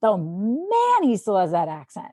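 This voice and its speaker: A woman with a Midwestern accent, a sports anchor, chatting as a podcast guest and telling stories in a lively way. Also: mid-range voice, measured pace, no room sound, faint music behind. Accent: Midwestern American. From Milwaukee, Wisconsin. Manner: chatty, animated storyteller. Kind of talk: casual interview chat.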